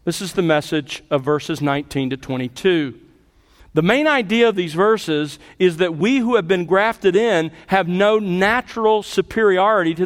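A pastor with a high voice delivers a sermon, earnest and emphatic. He slows down to stress key phrases and asks rhetorical questions. His voice rings with long reverb from a large room.

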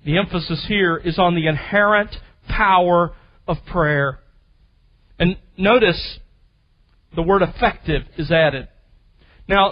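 A man with a high voice preaches an expository sermon to his congregation. He teaches with emphasis and slows down to stress the key phrases. The recording sounds muffled and lo-fi. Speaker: pastor.

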